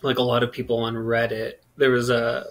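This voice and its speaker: A man's voice: mid-range voice, completely flat delivery, a little fast. A man on a casual comedy podcast, laid-back, chiming in and telling a story. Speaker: podcast co-host.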